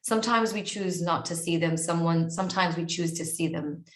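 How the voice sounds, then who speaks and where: A woman's voice: lowish voice, normal speed, echoey room. A woman with an Israeli accent, an author and coach speaking earnestly in an online interview, often repeating words as she searches for her phrasing.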